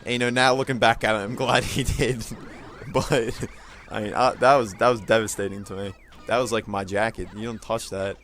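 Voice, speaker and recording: A man's voice: on the low side, fairly even intonation, a little fast, fairly bright tone. Young man rambling through a story. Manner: rambling, filler-heavy, laughs often. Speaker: gaming channel host. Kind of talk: casual storytelling.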